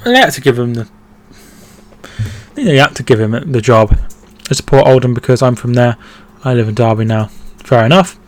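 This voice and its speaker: A man's voice: mid-range voice, animated, normal speed. Chatty male football streamer. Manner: chatty, reads out viewer comments and reacts to play. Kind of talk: casual live watchalong commentary.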